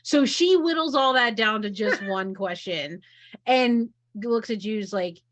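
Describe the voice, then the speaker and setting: A woman playing a tabletop role-playing game, speaking unhurried and thoughtful. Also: on the high side, fairly bright tone. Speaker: player.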